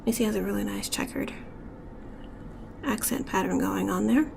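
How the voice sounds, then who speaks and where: Soft, gravelly-voiced woman teaching beadwork. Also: medium pitch, moderate pace, a little hiss or hum. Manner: soft-spoken, often drops to a whisper while working. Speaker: beading tutorial instructor. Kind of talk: step-by-step craft tutorial.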